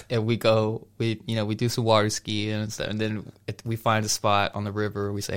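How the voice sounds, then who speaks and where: Young dude rambling thru a story on a podcast, lots of restarts, laughing. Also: male voice, lowish voice, monotone, moderate pace, clean tone. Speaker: podcast co-host. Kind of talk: casual storytelling chat.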